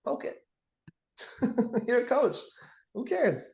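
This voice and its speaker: A man coaching on sales, lively and acting out the dialogues he describes. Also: high voice, a little slow, long pauses. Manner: animated, acts out sales dialogues. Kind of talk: casual coaching session.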